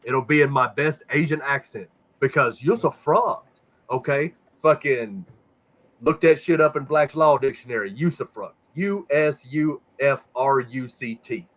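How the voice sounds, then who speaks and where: On a casual podcast about conspiracies, a male host with a mid-range voice talks at normal speed with barely any pauses. He rambles and swears heavily, often repeating words while searching for his next thought, and the sound quality is dull and lo-fi.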